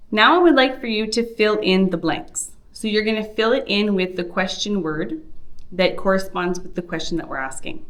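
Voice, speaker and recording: A woman teaching a beginner French lesson, reading example questions and repeating them slowly for learners. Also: medium pitch, a bit bright. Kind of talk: slow, deliberate language lesson.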